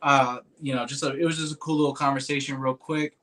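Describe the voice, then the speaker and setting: A man's voice: medium pitch, steady tone, quick pace, fairly bright tone. A man telling a personal story in casual, rambling talk, full of "like" and "dude", swearing freely and turning earnest about moving moments. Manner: earnest and emotional when recalling a moving moment.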